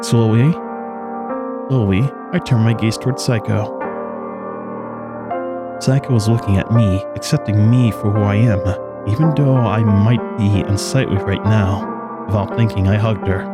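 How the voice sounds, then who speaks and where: A man's voice: on the low side, fairly even intonation, a little slow, over loud music, lightly acted. A man reading an anxious lovesick student. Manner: earnest, trembling inner monologue. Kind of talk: reading game dialogue aloud.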